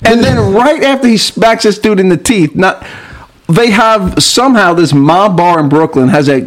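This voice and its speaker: High-voiced man telling stories animatedly. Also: moderate pace. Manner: animated storytelling, laughs often. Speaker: podcast co-host. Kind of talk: casual chat.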